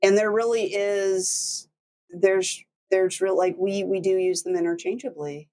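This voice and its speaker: A middle-aged woman who grew up in Texas, telling lively stories in a casual chat and mimicking other people with big jumps in pitch. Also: unhurried, low-quality recording. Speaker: law firm owner, host.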